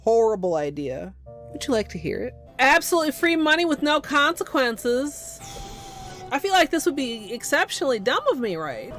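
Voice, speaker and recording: A woman's voice: sits high, sing-song, normal speed, over music. A young adult woman chatting on a livestream, crude, goofy and self-mocking. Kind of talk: casual livestream chat. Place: home streaming setup.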